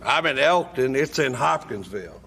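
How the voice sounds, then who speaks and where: A man telling a wry, deadpan story from his own life at a recovery meeting. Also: medium pitch, normal speed, vocal fry. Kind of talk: humorous personal storytelling.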